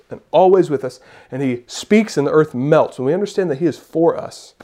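A male pastor delivers a sermon in a fairly high voice. He preaches with strong emphasis, pressing each point home through repetition. He keeps turning to the listeners with rhetorical questions. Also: warm tone. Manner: emphatic, repeats key phrases, rhetorical questions.

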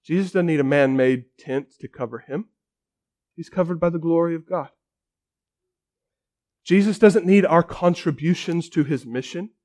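Male pastor, sermon, lively dramatic storyteller, fairly high voice, uses quiet drops for emphasis. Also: moderate pace, long pauses.

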